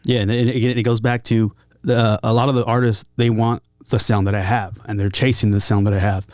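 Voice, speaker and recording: A man's voice: lowish voice, level tone, fairly quick, a little mellow, dry recording, clean studio sound. A man from San Diego, a guest musician, telling stories in a casual interview with many fillers and restarts. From San Diego, California.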